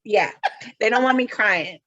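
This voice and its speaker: A woman's voice: mid-range voice, unhurried, sharp tone, highs cut off. A middle-aged woman hosting a podcast, chatting casually and laughing often. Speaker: podcast host. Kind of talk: casual chat.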